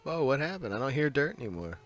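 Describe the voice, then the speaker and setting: A man co-hosting a podcast over a video call, chatting casually and laughing a lot while retelling scenes in quick voices. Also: medium pitch, sing-song, soft background music. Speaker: podcast co-host. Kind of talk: casual chat.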